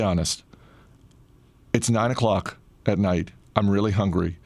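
Middle-aged male storyteller, low and gravelly, dry close sound, laid-back anecdote delivery. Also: measured pace, dry recording. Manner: relaxed, conversational, frequent "uh" fillers. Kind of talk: casual personal storytelling.

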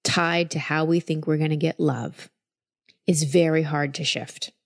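A woman hosting a podcast, calmly explaining and guiding a guest through a coaching conversation. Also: low voice, unhurried, vocal fry. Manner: calm, explanatory, reassuring.

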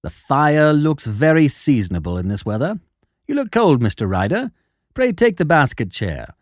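A man voicing a cool, shrewd detective who speaks in a measured, quietly sardonic way in an audiobook. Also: on the high side, sing-song, no echo, studio quality. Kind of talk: audiobook character voice.

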